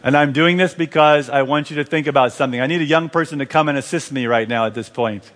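A fervent male preacher with a fairly high voice leads a revival service, calling out to the congregation and directing them from the front. His voice rings through a large church with a long reverb trailing after each phrase. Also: fast talker, fairly bright tone. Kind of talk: revival sermon.

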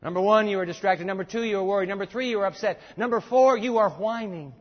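A man's voice: sits high, quick pace. A man preaching a sermon, emphatic, repeating his points and telling listeners to jot them down. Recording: echoey dull lo-fi hall recording.

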